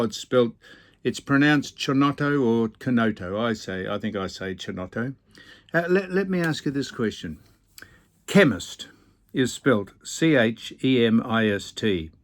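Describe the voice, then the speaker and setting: A man's voice: medium pitch, sing-song, measured pace. An older man, hosting a casual vlog on a boat and reading out viewer comments with dry, teasing, opinionated banter. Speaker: vlog host. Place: aboard a boat.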